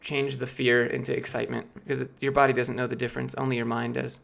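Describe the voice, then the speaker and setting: A man's voice: mid-range voice, completely flat delivery, fast, vocal fry, a bit bright. A man in his late twenties, losing his voice, rambling casually as he answers questions from his live-stream chat. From Georgia, US. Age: late 20s. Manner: rambling, filler-heavy, restarts often.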